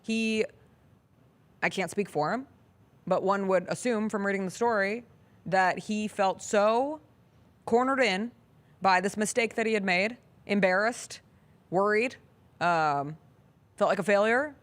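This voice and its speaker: A woman's voice: mid-range voice, unhurried, long pauses. A woman hosting a talk show, telling a long story in a casual, earnest way and acting out the dialogue. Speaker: sports talk show host. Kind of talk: casual chat.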